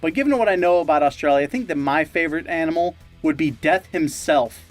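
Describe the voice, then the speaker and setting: Male co-host, higher pitch, deadpan jokey delivery, faint music underneath. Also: quick pace. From Great Lakes region, US. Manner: deadpan, absurd jokes. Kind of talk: casual chat.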